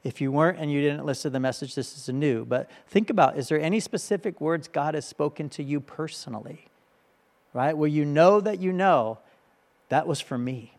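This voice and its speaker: A man's voice: a little high, a little fast, darkish tone. A male pastor giving a conversational sermon, often checking in with his listeners by asking "right?".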